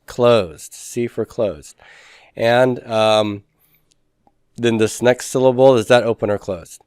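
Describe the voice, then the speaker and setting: Smooth-voiced male teacher reviewing a lesson. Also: mid-range voice, fairly even intonation, slow pace, a little mellow, no echo, clean studio sound. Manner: patient, asks questions then answers them himself. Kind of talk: recorded class review lesson.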